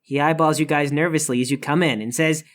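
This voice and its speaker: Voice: mid-range voice, fairly even intonation, brisk. A game master narrating a tabletop game with dry, wry humor.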